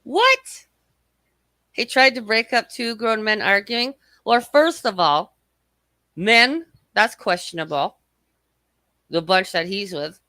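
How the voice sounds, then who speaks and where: A woman's voice: mid-range voice, slow, sharp tone, dry recording. A woman hosting a casual livestream, reading out chat and swearing freely as she mocks her rivals, her throat a little scratchy. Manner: profane, mocking, rambling. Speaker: livestream host.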